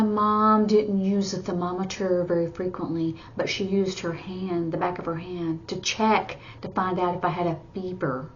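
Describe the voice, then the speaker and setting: A woman teaching sign language in a slow, gentle explanatory style, with soft asides. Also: lowish voice, level tone. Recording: slightly dull recording with faint background hiss.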